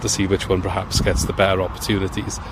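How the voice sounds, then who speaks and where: A man appearing as a guest podcaster, talking football in a measured, slightly hesitant way. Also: sits low, level tone, noisy background. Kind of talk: casual football chat.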